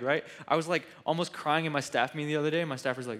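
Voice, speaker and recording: A man preaching a sermon in an animated, conversational way with joking asides. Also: a little high, very fast. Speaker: pastor.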